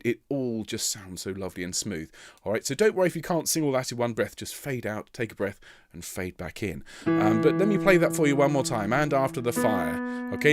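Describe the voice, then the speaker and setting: This man runs a tenor choir rehearsal online with encouragement, counting singers in, explaining notes and demonstrating phrases by singing them. The recording is studio quality with no echo, and his pitch is medium.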